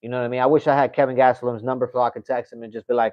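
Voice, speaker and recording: A man hosts a casual fight-sports livestream, talking straight to his viewers in an animated, chatty way. He often breaks into laughter as he reads comments aloud. His voice sits at an ordinary pitch, with a dry, slightly muffled recording. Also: rapid-fire, no echo. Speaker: MMA channel host.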